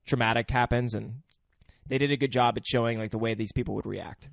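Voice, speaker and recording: A man's voice: mid-range voice, steady tone, fairly quick, creaky, dry recording, studio quality. Earnest, rambling male podcast co-host. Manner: earnest, rambling, slangy with dude and bro. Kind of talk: casual chat about film acting.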